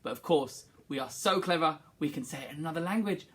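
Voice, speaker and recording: A woman music teacher leading a singing assembly for young children, cheerful and encouraging as she calls out warm-ups for them to copy. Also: low-pitched, fast.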